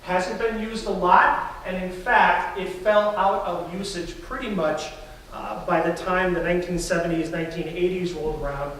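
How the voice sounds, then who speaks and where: A man's voice: high voice, fairly even intonation, normal speed, fairly bright tone, a little hiss or hum. A man preaching a sermon as a pastor in a church, telling stories in a conversational way. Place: church sanctuary. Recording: very echoey church, distant mic.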